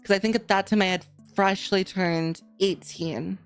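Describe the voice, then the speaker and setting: Young woman, podcast co-host, rambling casual storyteller, mid-range pitch. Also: steady tone, normal speed, soft background music. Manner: rambling, many "like" fillers.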